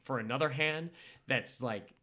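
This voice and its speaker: A man casually recapping a horror film in a rambling, animated way, full of fillers and restarts. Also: mid-range voice, measured pace. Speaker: podcast co-host recapping a film. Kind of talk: casual chat.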